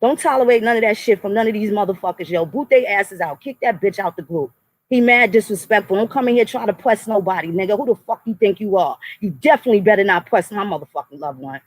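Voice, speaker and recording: Quick and lively in intonation, the medium-pitched host rants angrily at chat and moderators, addressing them head-on with heavy profanity and threats. Slight background noise accompanies the poor audio.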